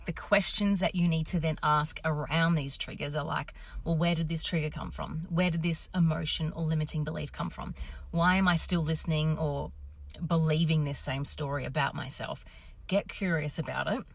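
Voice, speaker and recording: Brief: woman in her thirties, low voice, candid and animated coach vlogging, dry close sound. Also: moderate pace, creaky, no room sound. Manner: animated, swearing, acts out quotes. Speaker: confidence coach. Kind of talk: casual storytelling to camera.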